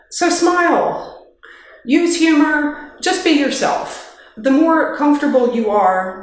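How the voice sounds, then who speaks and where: A woman giving an informal workplace training talk in a kitchen, chatty and practical, with light joking asides, speaking into a handheld microphone. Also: medium pitch. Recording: very echoey kitchen.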